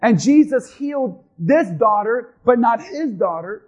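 A man pastor delivering a sermon, swinging between shouting and hushed tones. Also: very high voice, expressive, a little slow, lo-fi sound.

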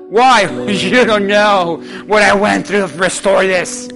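Male pastor, high voice, impassioned sermon, church, instrument playing underneath. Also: normal speed, over music. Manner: impassioned, rising and falling preaching. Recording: instrument playing behind the preaching.

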